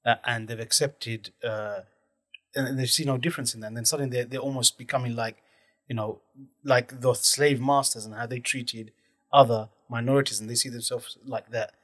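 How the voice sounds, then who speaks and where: A man's voice: medium pitch, fairly even intonation, moderate pace, fairly bright tone, dry recording, studio quality. A man hosting a casual podcast chat, explaining his views thoughtfully and at length.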